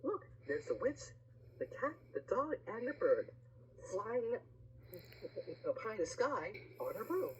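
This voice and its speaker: A woman reads a rhyming picture book aloud, her voice swooping wildly up and down. She pauses for little asides to the listener, over a faint background hum. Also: a little high, very animated, rough recording.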